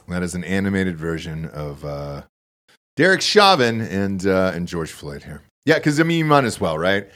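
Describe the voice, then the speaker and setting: A man hosting a podcast, chatting casually, swearing freely and reacting loudly. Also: deep voice, normal speed. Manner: loose, swearing, animated reactions. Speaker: podcast host. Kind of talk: casual chat.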